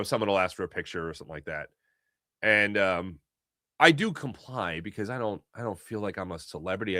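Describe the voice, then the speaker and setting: A middle-aged man from Philadelphia hosting a casual sports talk show, telling animated stories and acting out voices. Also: fairly low pitch, no room sound, studio quality. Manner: animated storytelling, acts out voices.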